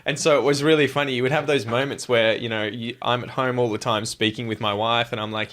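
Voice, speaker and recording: A man's voice: mid-range voice, fast talker, hardly any pauses. A man in his thirties with an Australian accent, chatting casually as a podcast guest and acting out quoted lines with some swearing. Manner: animated, swears freely, acts out quotes. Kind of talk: casual chat.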